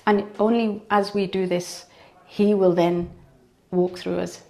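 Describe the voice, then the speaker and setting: A woman's voice: mid-range voice, little pitch movement, slow, creaky, mellow. A woman giving an earnest personal devotional testimony, often repeating phrases for emphasis. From United Kingdom.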